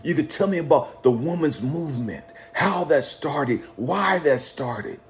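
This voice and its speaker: A man's voice: on the high side, expressive, unhurried. A man voicing a stern male God who questions him, probing and mocking at first, then scolding and swearing. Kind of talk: retold dialogue in a motivational monologue.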